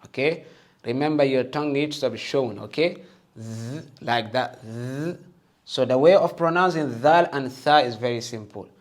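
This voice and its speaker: A man teaching the Arabic alphabet and Quran reading, patient and encouraging, often checking with "okay?" and sounding out each letter loudly for listeners to repeat. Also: mid-range voice, moderate pace. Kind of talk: slow patient alphabet lesson with call-and-repeat.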